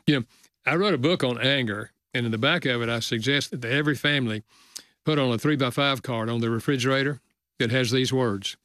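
A man's voice: mid-range voice, a bit bright, no room sound, clean studio sound. Earnest older man telling a story. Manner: earnest, slows down for emotional moments. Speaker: author and guest. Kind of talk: storytelling in a podcast interview.

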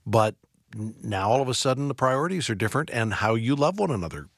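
A man hosting an interview, asking his guests measured, probing questions. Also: medium pitch, expressive, gravelly, dry recording, clean studio sound. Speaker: radio host.

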